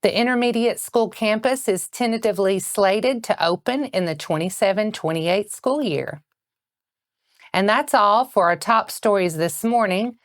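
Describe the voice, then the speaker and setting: A woman anchoring a local morning news bulletin with a Southern American accent, reading in a steady, measured way. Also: medium pitch, dry recording, studio quality.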